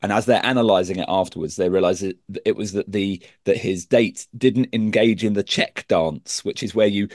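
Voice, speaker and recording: A man with a low voice talking haltingly in a casual book chat, often restarting his sentences. The sound is dry and close. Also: darkish tone, dry recording. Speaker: podcast co-host.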